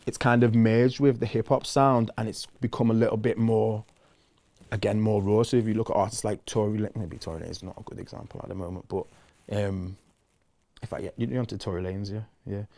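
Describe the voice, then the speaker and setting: A man, chatting casually as a musician guest in an interview, relaxed and loose with lots of fillers. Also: on the low side, fairly quick.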